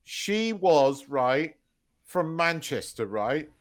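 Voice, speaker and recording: A man's voice: a little high, very animated, very slow. Rambling British man, casual podcast chat. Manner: rambling, restarts, swears, laughs often. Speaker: podcast co-host.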